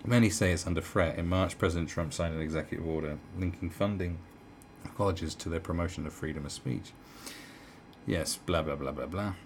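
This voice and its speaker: A man's voice: deep voice, steady tone, fast, a little hiss or hum. A man delivering a heated, profane commentary rant, full of stumbles and restarts. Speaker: commentary vlogger. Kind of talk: ranting commentary.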